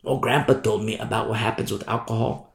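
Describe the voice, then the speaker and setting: Guy doing a earnest ten yr old kid, quick and sincere, gravelly, echoey room. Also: fairly low pitch, fairly even intonation, voice pushed down. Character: well-behaved believing ten-year-old boy.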